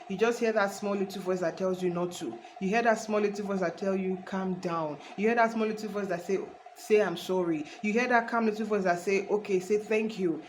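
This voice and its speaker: A woman's voice: mid-range voice, a little mellow, slight background noise, rough recording. A woman giving an earnest, casual faith talk to her viewers, rambling with restarts and calling them honey. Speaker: faith vlogger.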